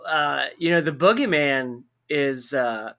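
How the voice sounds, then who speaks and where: A man's voice: mid-range voice, takes it slowly, a bit bright. A man co-hosting a podcast, chatting casually, laughing often and reacting with disbelief. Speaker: podcast co-host. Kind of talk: casual chat.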